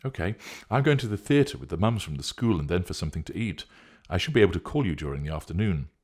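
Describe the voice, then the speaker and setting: A man's voice: deep voice, big pitch swings, fast talker, darkish tone, husky, pitched above the performer's own voice, heavily acted. A man reading a story, voicing a younger woman who brushes off worry on the phone. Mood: breezy.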